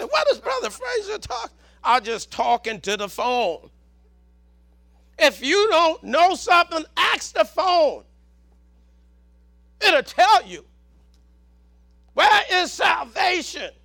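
Southern man preaching, bright voice, lively swooping pitch, dry close sound, repeats words. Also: gravelly. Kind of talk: sermon.

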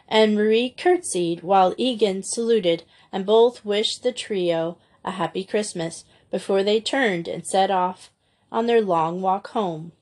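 A woman narrating a storybook, measured and expressive. Her pitch sits in a middle range. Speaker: audiobook reader.

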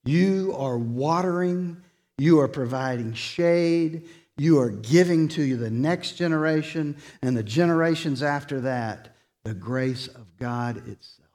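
A male pastor preaching a sermon in a church, slow and dramatic, rising to loud emphasis and dropping soft. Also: a little high. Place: church sanctuary.

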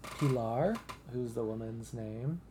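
A woman with a remarkably deep, low voice chats casually as a podcast co-host, laughing often and acting out quoted lines. Faint background noise sits under her voice. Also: slow, warm tone. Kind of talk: casual chat recapping a film.

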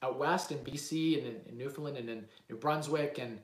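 A man's voice: mid-range voice, brisk. Rambling man in an echoey room. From Canada. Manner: rambling, self-assured, many fillers and restarts. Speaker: livestream host, real estate investor. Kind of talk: casual livestream chat with live Q&A.

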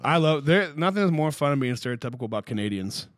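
A man's voice: on the high side, expressive, fast, no echo, studio quality. A man hosting a casual podcast chat, profane and rambling, with lots of "like" fillers. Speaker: podcast host.

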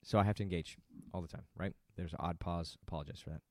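A man's voice: low-pitched, fairly even intonation, fast, no room sound, clean studio sound. A middle-aged man talking about parenting in a casual, rambling monologue full of self-interruptions and joking asides. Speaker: father vlogging about parenting.

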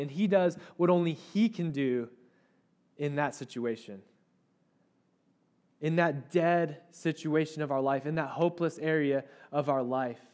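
A man preaching a sermon, telling a story in an animated way with playful asides. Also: high voice. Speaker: pastor.

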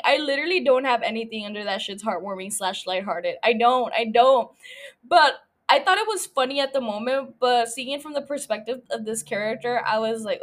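A young woman with a high voice hosts a casual podcast recap, rambling from thought to thought. She swears freely and pokes fun at herself. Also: lively intonation, brisk. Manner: rambling, profane, self-mocking, prone to laughing asides. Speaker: podcast host.

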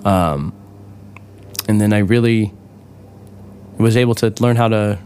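A man telling his own recovery story in a casual, rambling way, with many fillers and restarts, swearing now and then and getting animated over the funny parts. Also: fairly low pitch, measured pace, slight background noise.

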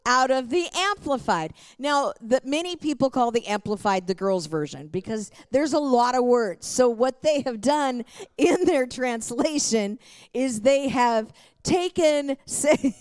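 A middle-aged woman pastor teaching a church lesson in a lively way, often laughing and reading scripture aloud. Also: high-pitched, a little slow, clear, resonant tone, no echo.

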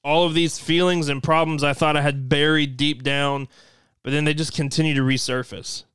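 A man voicing a brooding, worn-out male wrestler in a low, subdued, deliberate way. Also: flat delivery, fairly bright tone, clear, resonant tone, dry recording, studio quality, natural voice. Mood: grim.

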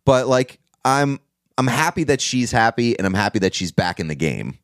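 A man's voice: medium pitch, very animated, moderate pace, no echo, clean studio sound. A man co-hosting a podcast, chatting casually about movies, hesitant with fillers and restarts. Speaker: podcast co-host.

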